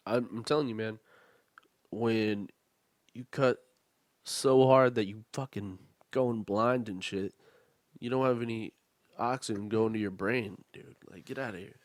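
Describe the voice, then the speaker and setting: A man's voice: fairly low pitch, steady tone, unhurried, no room sound. A man co-hosting a sports podcast, chatting in a slangy, agreeable way and swearing freely. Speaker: podcast co-host. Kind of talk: casual chat.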